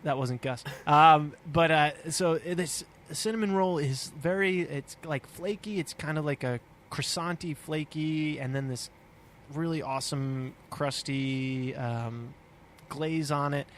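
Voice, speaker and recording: A man's voice: on the high side, takes it slowly, fairly bright tone, a little hiss or hum. A man co-hosting a podcast, chatting casually and cheerfully, laughing now and then between filler words. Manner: upbeat, chuckles while talking, many uh fillers. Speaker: podcast co-host. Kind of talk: casual chat.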